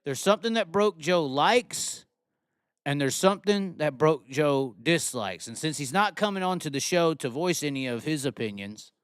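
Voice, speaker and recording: A man's voice: fairly high pitch, animated, moderate pace, clear, resonant tone, no room sound, clean studio sound. A man hosting a casual live reaction show, talking in a rambling way with many restarts and stammers. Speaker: host.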